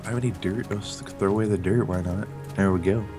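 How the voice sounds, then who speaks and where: A man's voice: fairly low pitch, steady tone, brisk, over music. A young man playing a game with friends, teasing them and narrating his own moves. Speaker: gamer. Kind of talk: casual gaming chat.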